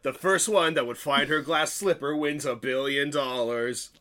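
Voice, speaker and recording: A man's voice: medium pitch, normal speed, a bit bright. A man co-hosting a podcast, chatting casually and making playful, jokey comments. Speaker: podcast co-host. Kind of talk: casual chat, joking commentary.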